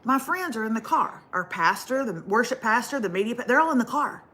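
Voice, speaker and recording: A man's voice: very high-pitched, animated, fairly quick, pushed and bright, voice pushed down, exaggerated voice. A woman voicing a polite, eager young man who asks sheepish favors while she tells a story. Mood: sheepish pleading.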